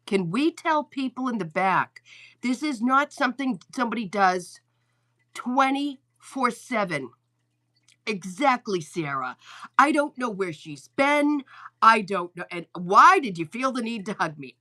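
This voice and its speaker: A woman's voice: fairly high pitch, sing-song, a little slow, pushed and bright. A woman hosting a live stream as a psychic medium, chatting casually and telling stories, often repeating her lines and swearing freely. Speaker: psychic medium livestream host. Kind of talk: casual livestream chat and storytelling.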